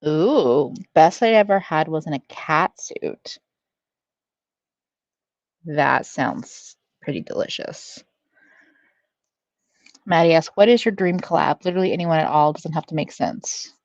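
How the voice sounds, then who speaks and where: A woman's voice: sits low, expressive, unhurried, pauses often, no room sound, dull audio. A woman hosting a casual livestream, reading out chat, laughing often and swearing freely. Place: at home.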